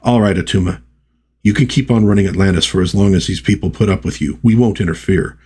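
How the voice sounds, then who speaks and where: A man's voice: sits low, fast, darkish tone, husky. Man reading as a blustering brawny demigod. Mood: threatening. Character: boisterous brawny demigod hero.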